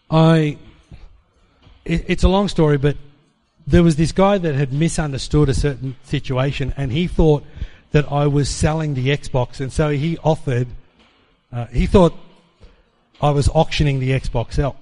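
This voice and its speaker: A man preaching, telling a personal testimony as an animated storyteller who acts out the dialogue. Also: a little high, unhurried, pauses often.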